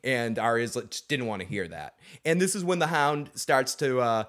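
A man's voice: mid-range voice, moderate pace, a bit bright. Rambling man recapping a TV episode. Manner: rambling, acts out scenes in quoted voices. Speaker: podcast co-host. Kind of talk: casual recap discussion.

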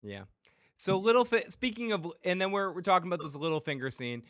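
A man's voice: sits high, very animated, brisk, a bit bright, dry recording, studio quality. A man hosting a casual recap podcast, swearing freely and retelling scenes with playful voices. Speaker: podcast host.

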